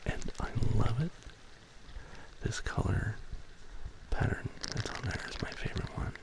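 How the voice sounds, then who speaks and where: A man whispering softly and slowly as an ASMR streamer, drawing out his words in a close-miked booth. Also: heavy background noise. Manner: slow, soft whispering with drawn-out words. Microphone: close studio microphone in a sound booth.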